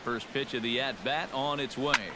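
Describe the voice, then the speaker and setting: A man calling baseball play-by-play in a video game, in a brisk, even delivery. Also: medium pitch, noisy background. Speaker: play-by-play announcer.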